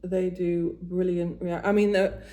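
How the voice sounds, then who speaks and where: A chatty woman in her forties talks to camera while doing her make-up. Her voice sits a little low and sounds mellow and warm. She gets emotional and keeps breaking off mid-sentence to start again. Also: level tone, a little slow. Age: 40s. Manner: chatty, emotional, trails off and restarts. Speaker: vlogger.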